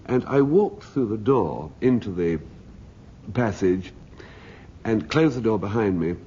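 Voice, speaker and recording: A middle-aged comedy panelist spins a dry, wry anecdote in a radio studio before an audience, his lowish voice warm, slightly rough, expressive and unhurried. The sound is that of a dull 1970s radio broadcast, faintly hissing.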